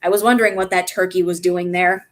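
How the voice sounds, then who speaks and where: Girl doing a bossy cartoon alien guy, curt and dismissive, rattles it off quick. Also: on the low side, steady tone, close to an everyday voice.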